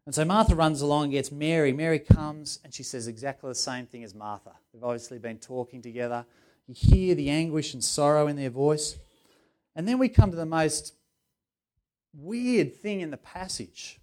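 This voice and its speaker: A middle-aged man preaching a sermon in an earnest, conversational way, with sudden loud emphasis on key words. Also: on the high side, moderate pace. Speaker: pastor.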